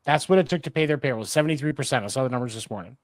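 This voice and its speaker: A man's voice: medium pitch, rapid-fire, dry recording. A man co-hosting a sports podcast in casual chat, matter-of-fact and citing numbers. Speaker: podcast co-host.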